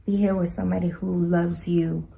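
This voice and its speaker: Sketch: actress as clingy, possessive girlfriend, low gravelly voice, insistent pleading. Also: little pitch movement, moderate pace, dark tone, exaggerated voice, poor audio. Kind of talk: comedy sketch acting.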